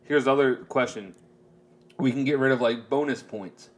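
A man's voice: medium pitch, normal speed. A man co-hosting a podcast, chatting casually about football and fantasy league rules, laughing easily and rambling as he explains. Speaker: podcast co-host. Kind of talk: casual chat.

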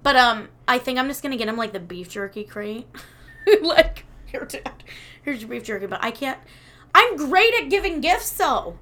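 A woman in her thirties chatting casually as a podcast co-host, telling animated stories, laughing often and swearing freely. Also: sits high, moderate pace. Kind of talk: casual chat.

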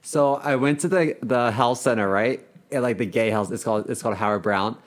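A man's voice: medium pitch, fairly quick. A young man co-hosting a podcast, telling candid, rambling stories in casual chat with lots of fillers. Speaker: podcast co-host.

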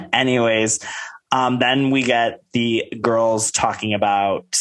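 A man's voice: level tone, takes it slowly, fairly bright tone. Male co-host, gossipy and playful, casual chatter. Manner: gossipy, laughing, quotes people in high mocking voices. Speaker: podcast co-host. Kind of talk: casual recap chat.

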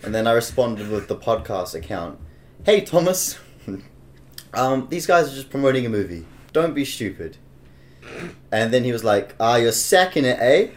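A young man hosting a casual podcast, teasing and laughing, with halting restarts. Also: medium pitch, sing-song. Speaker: podcast host.

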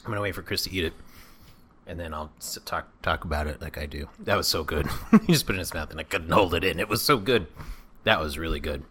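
Low-voiced young man, gushing about food. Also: quick pace, sharp tone, breathy edge. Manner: enthusiastic, rambling, savoring food. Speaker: podcast co-host. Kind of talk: casual food review chat.

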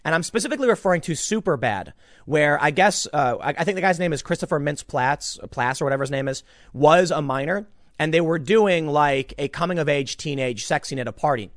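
A man rants into a close microphone in a dead, dry room, his voice sitting a bit high for a man. His pitch swings widely as he stresses points, and he trips over his words, repeating and restarting as he pushes his argument. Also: brisk, no echo. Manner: animated, emphatic, ranting with repeated restarts. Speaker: commentator. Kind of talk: casual online commentary.

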